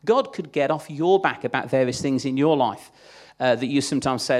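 A man's voice: medium pitch, fairly quick. A man preaching a sermon in a chatty, conversational way, acting out the voices he quotes.

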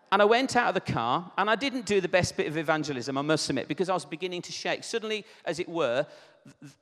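Man, sermon, conversational storytelling, higher pitch, reverberant church. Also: a bit bright. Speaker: preacher sharing a testimony.

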